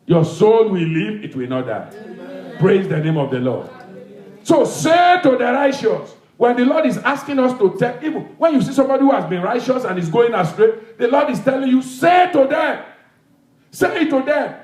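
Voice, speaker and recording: A man's voice: very high-pitched, very animated, moderate pace, a little mellow. A male pastor preaching an emphatic, repetitive sermon with call-and-response, in a church hall.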